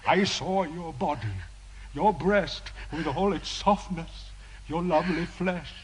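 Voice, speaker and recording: A tormented, obsessive priest in a radio drama, his anguished pleas drawn out slowly. He swings from hushed longing to outbursts, in a somewhat raised voice. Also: a little high, a little hiss or hum, poor audio. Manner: anguished, pleading, veering from hushed to shouting. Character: tormented obsessive male priest, middle-aged.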